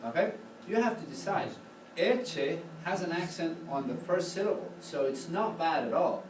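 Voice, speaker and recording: A man with a somewhat high, animated voice speaks at a moderate pace while teaching a choral conducting class, patiently explaining and singing short phrases as demonstrations. This classroom instruction takes place in a rehearsal room with a choir, and the recording is echoey, distant, and noisy.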